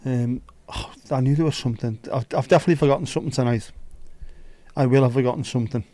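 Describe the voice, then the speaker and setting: A man's voice: medium pitch, fast talker, dark tone, no echo. A man with a Liverpool accent hosting a casual livestream, greeting viewers by name, bantering and grumbling at his own setup. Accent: Liverpool (Scouse). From Liverpool, England. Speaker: livestream host. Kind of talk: casual live-stream chat.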